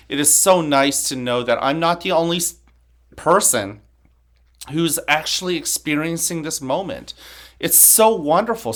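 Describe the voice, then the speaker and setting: Encouraging male school principal. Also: mid-range voice. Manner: slow, soft and hushed; upbeat and encouraging to children. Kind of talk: guided breathing meditation; morning announcements.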